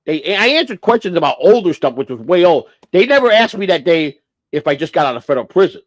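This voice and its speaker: A man with a fairly high voice that swings up and down a lot tells a rambling, cuss-filled story on a livestream. He keeps backing up and restarting his sentences. The sound is dry and close, with no room echo. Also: sing-song, quick pace. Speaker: livestream host.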